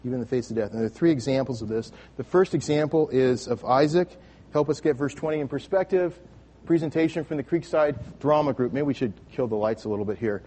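A man preaching a sermon in a relaxed, conversational way, with restarts as he talks. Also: medium pitch, fast, husky. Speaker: pastor.

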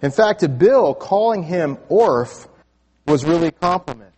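High-voiced pastor in a reverberant church. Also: male voice, lively intonation, a little slow, a little mellow, husky. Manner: conversational storytelling with frequent restarts. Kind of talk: sermon. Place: church sanctuary. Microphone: stage microphone with sound booth.

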